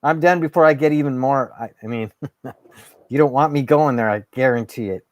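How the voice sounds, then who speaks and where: A man's voice: medium pitch, moderate pace, dry recording. A man hosting his own show, ranting in a fired-up, sarcastic way and swearing. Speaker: host. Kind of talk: ranting monologue.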